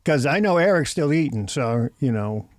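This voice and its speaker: A man's voice: mid-range voice, lively intonation, moderate pace, a little mellow, no echo. A man with a Boston accent hosting a casual online voice chat, joking and rambling with frequent laughs. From New England. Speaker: host. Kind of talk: casual chat on a live audio space.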